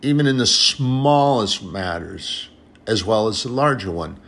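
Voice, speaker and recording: A man's voice: on the low side, expressive, measured pace, fairly bright tone. A man preaching an informal sermon in an earnest, conversational way, often repeating phrases and addressing brothers and sisters.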